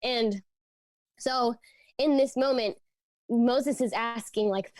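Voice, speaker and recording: A woman's voice: a little high, fairly even intonation, slow, a little mellow, no room sound. Young woman doing a youth group talk, super casual, lots of likes and ums, dry close sound. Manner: conversational, frequent fillers like "like" and "um"; earnest, teaching from scripture. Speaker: youth ministry speaker.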